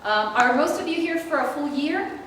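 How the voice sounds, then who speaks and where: A woman trainer talks to a group in an echoey room, her pitch sitting a little high. She is picked up from a distance with noise underneath, and she laughs easily and keeps quizzing the audience. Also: normal speed. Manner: lively, laughs often, asks the audience questions. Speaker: intercultural trainer. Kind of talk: presenting a workshop.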